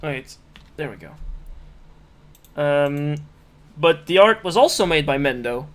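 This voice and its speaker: A man's voice: fairly high pitch, animated, slow pace. A man running a tabletop game as game master, narrating with frequent restarts and fillers. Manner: hesitant, many restarts and fillers.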